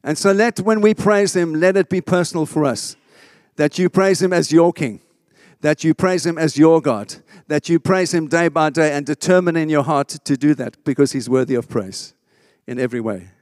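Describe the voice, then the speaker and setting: Male pastor mid-sermon, emphatic delivery, slightly high voice, dry close sound. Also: moderate pace, a little mellow, no room sound. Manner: emphatic, asks the congregation for response.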